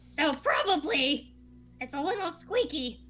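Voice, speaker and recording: Slow, bright-voiced woman at a game table. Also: sits high, sing-song. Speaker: player.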